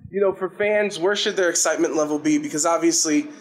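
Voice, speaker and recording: A man's voice: on the high side, fast, low-quality recording. Man asking long interview questions. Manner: conversational, asks long questions.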